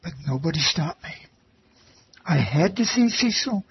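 A man with a fairly high voice tells his faith testimony in an earnest, reverent way and repeats key phrases for emphasis. The recording is a little dull and lo-fi, with a faint hum of ambience behind him. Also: animated, unhurried. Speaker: volunteer who read the Bible to elderly residents. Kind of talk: personal faith testimony, told as a story.

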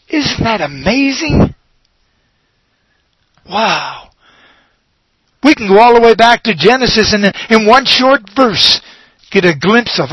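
A man preaching a sermon, slow and emphatic, leaning on dramatic pauses and repeated words. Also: high-pitched, a bit bright, no room sound, poor audio.

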